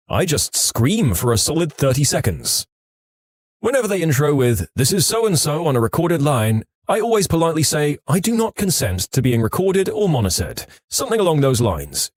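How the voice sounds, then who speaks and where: Lively, expressive male story narrator. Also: mid-range voice, no room sound, studio quality. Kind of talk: scripted narration of online stories.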